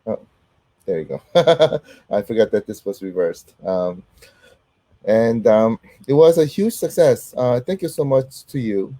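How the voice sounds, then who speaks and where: A middle-aged man hosting a casual livestream while sick, his voice not fully back, talking haltingly with many ums and uhs and greeting viewers by name. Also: medium pitch, lively intonation, warm tone, no room sound. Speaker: host.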